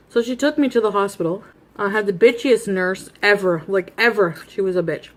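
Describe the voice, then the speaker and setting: A woman in her thirties tells a long personal story straight to camera in a casual, rambling way. She is blunt and laughs at herself, talking between bites of food. Her voice sits at a middle pitch. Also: moderate pace, long pauses. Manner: eating while talking. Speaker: vlogger.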